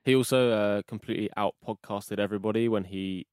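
A male podcast host talks in a lowish voice at a brisk clip, tossing off casual asides. The sound is dry and close. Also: fairly even intonation, a little mellow, smooth, no room sound. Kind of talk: casual chat.

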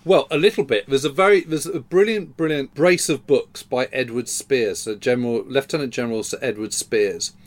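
Enthusiastic man, mid-pitched voice. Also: moderate pace, few pauses. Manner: enthusiastic, conversational storytelling. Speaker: podcast co-host. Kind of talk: casual history chat.

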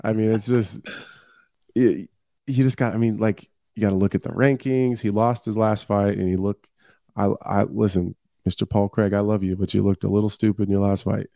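A man's voice: on the low side, fairly even intonation, moderate pace, vocal fry, dark tone, no echo, clean studio sound. A man appearing as a fighter on a sports talk show, speaking frankly with stammering restarts. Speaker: guest fighter. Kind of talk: casual sports chat.

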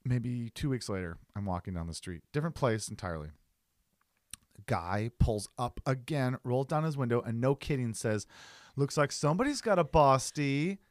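A man co-hosting a podcast, chatting casually and telling an anecdote with lively voices for the people in it. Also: medium pitch, moderate pace, no room sound, clean studio sound. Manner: animated, mimics voices in his stories. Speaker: podcast co-host. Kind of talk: casual chat, storytelling.

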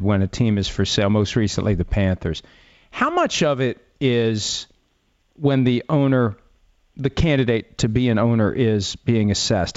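A man of middle pitch hosts an interview, asking questions in a conversational, wry way. His voice comes through a slightly dull, lo-fi sound. The recording is dry and close. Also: darkish tone, no room sound. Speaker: sports radio host.

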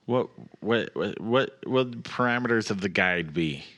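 A man's voice: fairly low pitch, expressive, moderate pace, a bit bright. A man playing a tabletop game, asking careful, practical questions. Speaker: player. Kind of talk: casual tabletop play.

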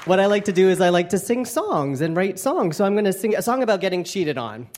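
A man's voice: high voice, very animated, quick pace, a loud crowd, very noisy. A young man doing a stand-up comedy set on stage, campy, playful and self-mocking. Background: audience laughter.

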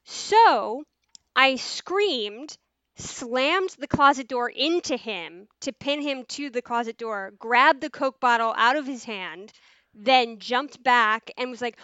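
A woman telling a story in casual podcast talk, animated, swearing freely and using lots of fillers. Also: on the high side, takes it slowly, no echo. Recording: dull, dry sound.

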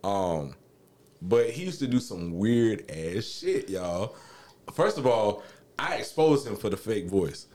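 A young man, telling a story in a casual podcast chat, animated and swearing freely. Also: slow pace. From Alabama, US. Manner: animated, swearing, acts out quotes in high voices. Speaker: podcast co-host.

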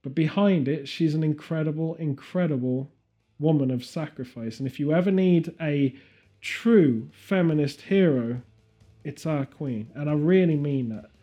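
A man's voice: fairly high pitch, normal speed, warm tone, soft background music. A man hosting a podcast in a casual, jokey way with playful earnestness. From Britain. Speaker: podcast host. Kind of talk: casual comedic chat.

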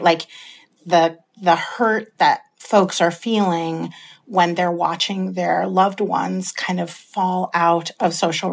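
A woman author speaking as a radio guest in slow, measured sentences. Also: on the low side, vocal fry, breathy edge. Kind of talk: radio interview.

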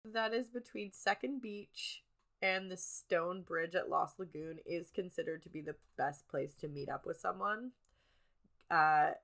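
Congested woman with a bright, forceful voice. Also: on the low side, measured pace. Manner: narrating case details from notes. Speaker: podcast co-host. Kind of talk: casual true-crime chat.

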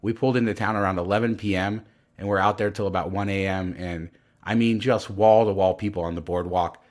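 A man co-hosting a casual podcast, talking quickly in a somewhat low voice. He tells stories with animation and keeps the chat moving. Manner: animated, storytelling. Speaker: podcast co-host.

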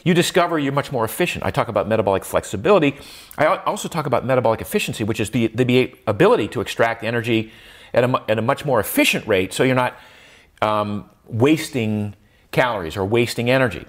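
An older man speaks as an interview guest in a mid-pitched voice. He is reflective and talks with many restarts and fillers. His voice rises sharply when he makes a point. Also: lively intonation, quick pace. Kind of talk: conversational interview.

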